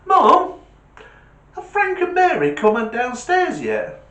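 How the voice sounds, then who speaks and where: A man voicing a cheeky, quick-witted little boy who delivers crude punchlines. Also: wildly swooping pitch, a bit bright, heavily acted. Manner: high-pitched, cheeky, emphatic punchlines. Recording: echoey room.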